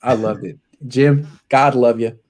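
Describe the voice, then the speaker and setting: A man hosting a sports podcast, telling stories in casual chat with sudden loud outbursts and muttered asides. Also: mid-range voice, measured pace. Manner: excitable storyteller, jumps between loud outbursts and muttered asides.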